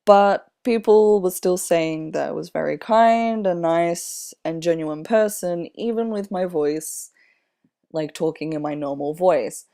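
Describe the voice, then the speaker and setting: A young man in his twenties with a slightly airy voice, talking casually in a personal vlog, unhurried and rambling with many fillers. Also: on the high side, vocal fry, mellow, clean tone. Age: 20s. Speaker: vlogger.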